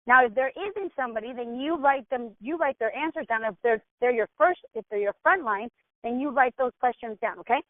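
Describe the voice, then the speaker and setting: A woman's voice: fairly high pitch, a little fast, dry recording. Woman mentor on a tinny phone-like line. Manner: conversational, acts out sample dialogues, many fillers. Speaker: business mentor. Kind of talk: informal training talk. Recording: tinny phone-like dry sound.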